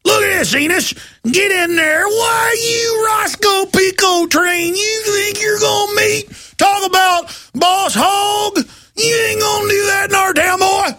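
A man voicing a bullying small-town southern sheriff who shouts drawled threats. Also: extremely high pitch, unhurried, pitched above the performer's own voice, full character voice.

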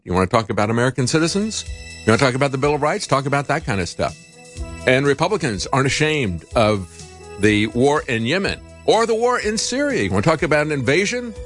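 A man's voice: medium pitch, a bit bright, no echo. A man hosting a political talk show in a studio, delivering indignant, sarcastic commentary. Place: broadcast studio.

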